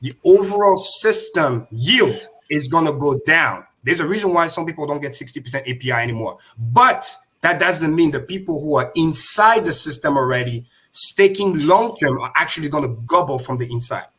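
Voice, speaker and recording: A man's voice: a little high, animated, normal speed, few pauses, fairly bright tone. A man hosting a crypto livestream, explaining emphatically and repeating key points. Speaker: host.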